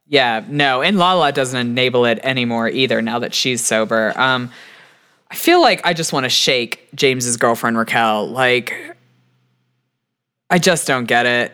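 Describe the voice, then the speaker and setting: A woman's voice: very deep voice, a little slow, a bit bright, clear, resonant tone. A woman co-hosting a podcast, chatting bluntly and casually about reality TV and swearing freely. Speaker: podcast co-host.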